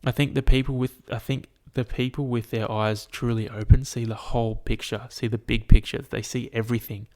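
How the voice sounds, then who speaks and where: A man hosts a solo podcast, ranting and spinning stories for the listener with lots of swearing and a constant stream of "like." His voice sits at a medium pitch, and he talks a little fast with hardly any pauses, keeping the storytelling animated.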